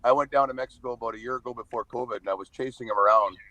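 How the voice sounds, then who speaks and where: A man's voice: mid-range voice, racing, pushed and bright, dry recording, low-quality recording. Blunt, profane man. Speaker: podcast guest. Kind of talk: casual storytelling.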